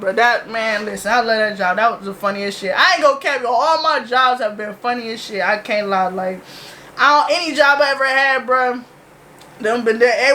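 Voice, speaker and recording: High, bright-voiced young woman ranting casually. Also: a little hiss or hum. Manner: loose, profane slang-heavy storytelling. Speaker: reaction video host. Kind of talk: casual reaction vlog.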